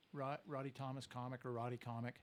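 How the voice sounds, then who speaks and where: A man's voice: medium pitch, slight background noise. A middle-aged man, a stand-up comedian guest, chatting loosely on a podcast, joking and trailing off into fillers. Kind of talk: casual podcast chat. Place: podcast studio.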